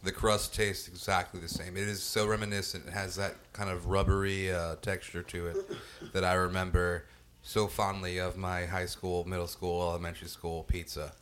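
A man in a casual food-review chat with friends, rambling and restarting his sentences, quick to laugh. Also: low voice, little pitch movement, fairly bright tone, slight background noise. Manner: rambling, self-interrupting, laughs easily.

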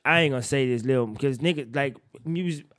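A young man co-hosting a casual chat, animated and profane with loud outbursts, sounding tired. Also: mid-range voice, normal speed. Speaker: podcast co-host.

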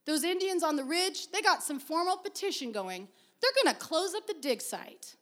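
A plain-spoken older father, read by a woman, gruff but gentle with his daughter. The voice stays close to the reader's own, only a little rougher. It is a storybook voice for a tired dad. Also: very high-pitched, sing-song, normal speed, voice pushed up, full character voice. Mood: indignant.

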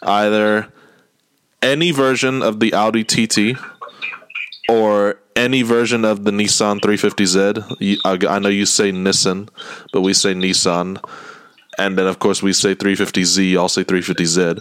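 A man's voice: on the low side, moderate pace, clean tone. A young man talking casually and rambling a bit, laughing now and then as he asks questions. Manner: relaxed, rambling, laughs often. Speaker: host. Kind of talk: casual chat.

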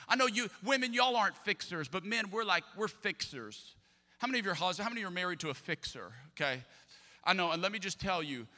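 A middle-aged man preaching a sermon with animated, jokey storytelling and sudden loud peaks. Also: sits high. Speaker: pastor. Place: church auditorium. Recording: long hall reverb.

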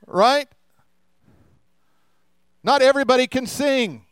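A man's voice: very high voice, animated, normal speed, pauses often, smooth, no echo. An older man preaching a sermon in a conversational way, with humorous asides and rhetorical questions to the congregation. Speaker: pastor.

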